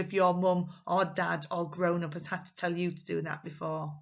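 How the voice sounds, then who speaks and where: A woman teaching young children in a recorded lesson, speaking slowly and clearly with an English accent and acting out her examples in an exaggerated, expressive voice. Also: fairly low pitch, muffled recording. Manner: slow, clear, encouraging talk to small children. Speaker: primary school teacher.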